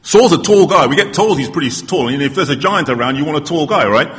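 A man preaching a sermon, telling a Bible story with animated, acted-out quotes. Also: fairly high pitch, fast, faint music behind. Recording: hall reverb.

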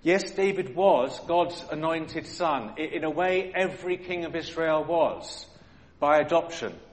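A man's voice: fairly high pitch, a little slow. A man preaching a sermon in a church hall, earnest and dramatic, full of rhetorical questions.

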